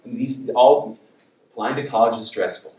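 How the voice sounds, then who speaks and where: A middle-aged man, a coach and speaker, telling an animated personal story in a public talk. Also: medium pitch, unhurried. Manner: animated, anecdotal, acts out dialogue. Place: lecture room. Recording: roomy hall, distant mic.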